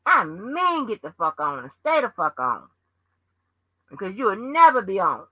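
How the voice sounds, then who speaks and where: A woman's voice: medium pitch, sing-song, measured pace, no room sound. A woman hosting her own channel, delivering a heated, profanity-heavy rant that scolds her viewers. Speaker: channel host. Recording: dull lo-fi dry sound.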